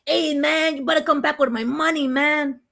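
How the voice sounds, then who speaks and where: A woman's voice: high voice, fairly even intonation, normal speed, gravelly, fairly bright tone. A woman putting on a hot-tempered male street boss who talks in menacing, clipped street slang.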